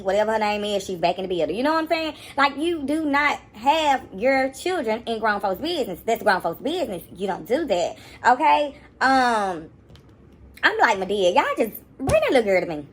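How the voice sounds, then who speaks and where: A young woman, giving sassy, animated reaction commentary. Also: a little high. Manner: sassy, animated, mocking voices at times. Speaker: commentary YouTuber.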